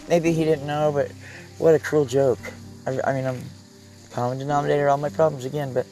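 A man's voice: medium pitch, mellow, rough recording. A man rambling through a casual vlog from inside the vehicle he lives in, raw and heartfelt, often trailing off mid-thought. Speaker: vlogger.

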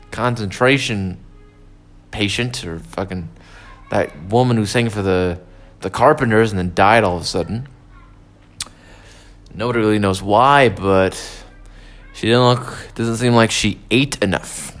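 A man in a casual, meandering monologue, swearing often and trailing off into fillers and restarts. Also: medium pitch.

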